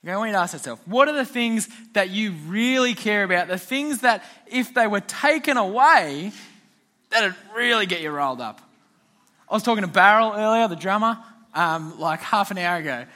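Bright chatty man. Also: high-pitched, expressive, moderate pace. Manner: chatty storyteller, laughing often. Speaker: youth pastor. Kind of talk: casual youth talk.

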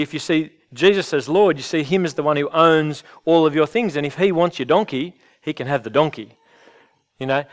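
A man preaching a sermon in an earnest, conversational way, often restarting his phrases. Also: a little high. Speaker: pastor.

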